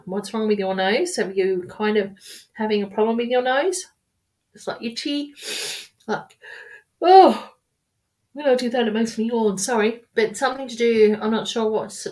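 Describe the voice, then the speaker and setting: A woman giving live-streamed tarot readings in a rambling, repetitive, affectionate way, calling viewers darling and my loves. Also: mid-range voice. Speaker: tarot reader.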